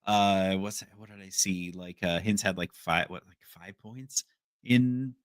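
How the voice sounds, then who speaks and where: A man's voice: fairly low pitch, measured pace, dry recording, clean studio sound. A man co-hosting a podcast, chatting casually and hesitantly with many fillers. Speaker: podcast co-host. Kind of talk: casual chat.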